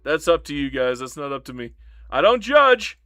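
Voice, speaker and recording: A man with a bright, slightly high voice gives loose, joking live commentary while playing a strategy game. He talks to himself and his chat in a chatty, off-the-cuff way. Faint music plays behind him. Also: big pitch swings, normal speed, no room sound, clean studio sound.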